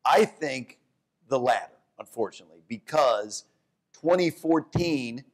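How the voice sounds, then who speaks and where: Animated male economist guest. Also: medium pitch. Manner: animated, talks in quick bursts, restarts and corrects himself. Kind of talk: onstage conversation.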